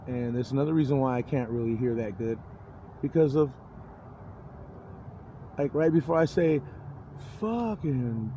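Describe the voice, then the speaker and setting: A man's voice: on the high side, a little mellow, highs cut off, slight background noise. A middle-aged man in a rambling personal monologue, agitated and profane, often breaking off and restarting his sentences. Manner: profane, swears heavily. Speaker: vlogger.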